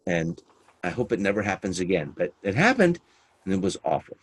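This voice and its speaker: A middle-aged man, a business mentor, telling a lively story to a group, acting out quoted voices with casual swearing. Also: low voice, fairly quick, background noise.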